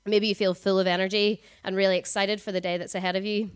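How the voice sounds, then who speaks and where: A woman, giving a conversational sermon at a church service, talking fast with frequent ums. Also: mid-range voice, little pitch movement, clear, resonant tone. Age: 20s. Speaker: preacher.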